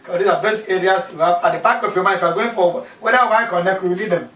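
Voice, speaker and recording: A man's voice: high-pitched, quick pace, a bit bright. A man teaching a maths class, repeating key terms and asking questions aloud. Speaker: mathematics teacher. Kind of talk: classroom lesson. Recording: echoey room from far off with faint background noise.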